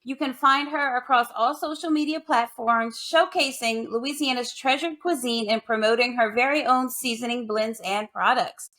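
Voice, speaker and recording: Bright, high-voiced woman host. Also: moderate pace, hardly any pauses. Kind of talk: casual chat.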